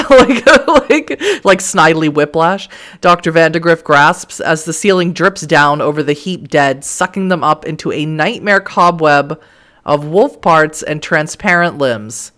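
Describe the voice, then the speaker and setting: A woman's voice: low voice, lively intonation, moderate pace, fairly bright tone. A woman streamer reading a game's text aloud, with exasperated asides. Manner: dramatic reading broken by exasperated asides and laughs. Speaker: let's play streamer.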